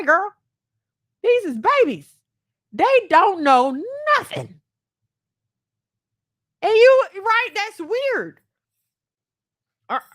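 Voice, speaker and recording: A woman's voice: high voice, fairly bright tone. A woman giving heartfelt self-help advice as a mother, speaking earnestly and acting out the voices she quotes. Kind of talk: candid self-help monologue.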